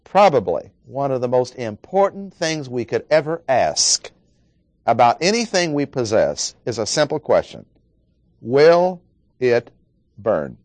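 In a dry recording, a very animated man with a mid-range voice preaches an expository sermon. He works through the verses, stressing key words and using slow, dramatic pauses.

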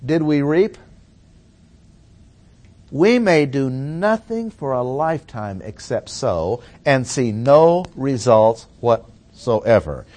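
A man preaching verse by verse in a mid-range voice. He is deliberate and emphatic and slows right down on the phrases he wants to land. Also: medium pitch, animated, a little mellow. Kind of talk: expository sermon.

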